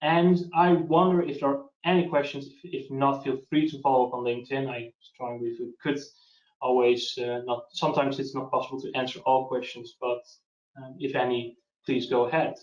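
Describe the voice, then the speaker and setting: A man's voice: mid-range voice, little pitch movement, normal speed, a little mellow, far from the mic. Male webinar presenter, casual Q&A delivery with restarts, echoey video-call sound. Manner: hesitant, restarts, practical advice. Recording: lo-fi roomy web call.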